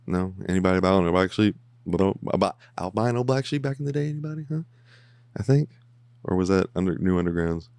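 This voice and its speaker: A man with a low voice talks loosely over an episode he is watching, joking and slipping into mock voices of the characters. His mic is close and the sound is dry, with no room in it. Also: lively intonation, quick pace, a little mellow, no room sound. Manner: rambling and jokey, humming along and mimicking characters. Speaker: podcast host reacting to a TV episode. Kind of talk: casual watch-along commentary. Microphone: headphones on, close mic.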